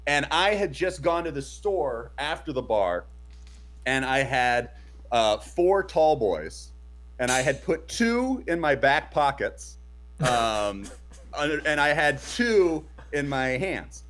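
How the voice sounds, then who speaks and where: A man's voice: mid-range voice, sing-song, slow pace, a bit bright. A man co-hosting a casual streamed chat show, telling a long rambling story with lots of fillers. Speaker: podcast co-host. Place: home streaming setup.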